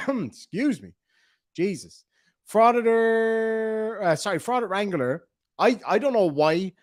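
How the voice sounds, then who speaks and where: An Irish man with a cold hosts a live stream and reads chat aloud, joking and chuckling. His voice sits a little high and jumps around a lot. The recording is close and dry. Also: no echo. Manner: animated, jokey, chuckling. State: has a bad cold. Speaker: streamer host reacting to videos. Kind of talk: casual live-stream commentary, reading chat.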